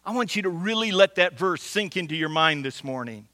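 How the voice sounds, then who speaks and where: A man preaching a sermon as pastor, earnest, slowing down to stress key lines and often restarting words. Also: on the high side, animated, sharp tone, no room sound. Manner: earnest, with frequent restarts and slow emphatic repetition.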